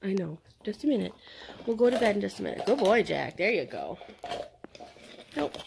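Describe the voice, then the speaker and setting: A woman's voice: medium pitch, very animated, moderate pace, gravelly, noisy background. A woman training a dog at home at night, mixing coaxing praise with firm short commands. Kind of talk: casual talk to a dog at home.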